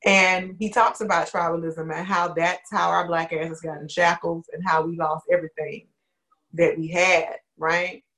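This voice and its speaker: A woman hosting a panel discussion on a video call, speaking to the audience directly and in an animated way. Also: on the low side, normal speed. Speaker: discussion host.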